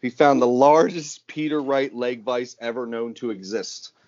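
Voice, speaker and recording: A man's voice: mid-range voice, normal speed, a little mellow, dull audio. A man hosting a podcast in casual chat, loose, joking and profane. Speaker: podcast host.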